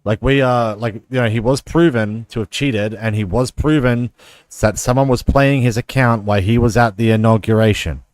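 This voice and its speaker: A man's voice: medium pitch, moderate pace, darkish tone, no echo. A man streaming chess, chatting casually and telling a long profane story full of fillers. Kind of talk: casual stream chat while playing chess.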